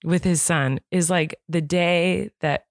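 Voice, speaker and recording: A woman in her thirties, from Santa Barbara, co-hosting a podcast in casual chat, giggly and animated as she tells stories. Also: on the low side, takes it slowly, dry recording, studio quality. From Santa Barbara, California. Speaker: podcast co-host.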